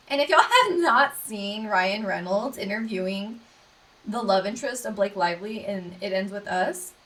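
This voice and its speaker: A woman's voice: mid-range voice, fairly bright tone, recorded from a distance. A young woman, hosting a casual solo podcast in a bubbly, gushing way, full of fillers. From Texas. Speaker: podcast host.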